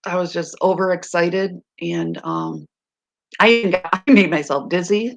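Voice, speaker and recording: A middle-aged woman with a hoarse voice, chatting casually on a live stream to her viewers, rambling and laughing often. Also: lowish voice, normal speed.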